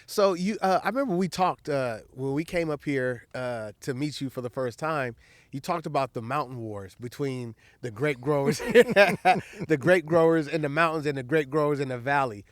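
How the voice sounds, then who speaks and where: A man hosting a casual interview podcast, asking questions in a halting way with many restarts and frequent "mm-hmm"s. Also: a little high, no room sound. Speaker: podcast host.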